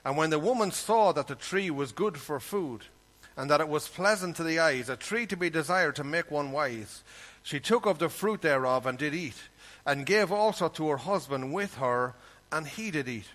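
A man's voice: a little high, animated, normal speed, fairly bright tone. A man preaching a sermon, talking earnestly and conversationally and reading scripture aloud. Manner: earnest, conversational, reads scripture in King James wording.

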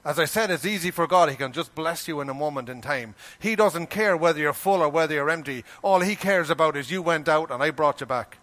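Preaching with emphasis, a fairly high-voiced man keeps throwing rhetorical questions at his listeners and slips into the voices of people he quotes. He talks briskly with hardly any pauses, and his tone is fairly bright.

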